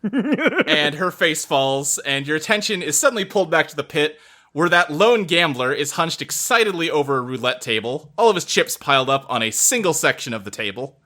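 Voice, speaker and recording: Lively bright-voiced man game master. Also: fairly high pitch, normal speed. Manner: casual profane narration. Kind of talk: narrating a tabletop game.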